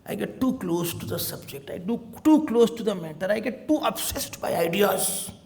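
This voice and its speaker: A man with an Indian accent giving a spiritual discourse, playful and animated, slipping Hindi phrases into his English. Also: sits high, moderate pace, vocal fry. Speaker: spiritual teacher.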